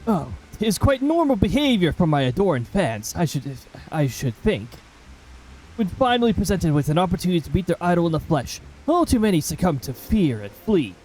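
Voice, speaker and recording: A man doing a pompous gentleman adventurer, posh put-on voice, grandiose and self-admiring, lively swooping pitch, game dialogue read aloud. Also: brisk, rough recording. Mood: vain.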